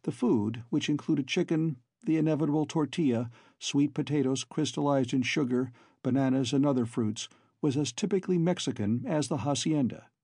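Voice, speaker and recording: A man's voice: medium pitch, normal speed, hardly any pauses, dark tone, breathy edge, no echo, clean studio sound. A man reading a novel aloud as an audiobook narrator, telling the story steadily. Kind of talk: scripted narration.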